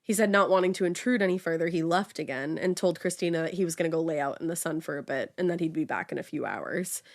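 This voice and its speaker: A woman's voice: deep voice, fast talker, hardly any pauses. A woman co-hosting a casual true-crime chat, telling the story with lots of fillers. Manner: chatty storytelling with many fillers. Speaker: podcast co-host telling the story.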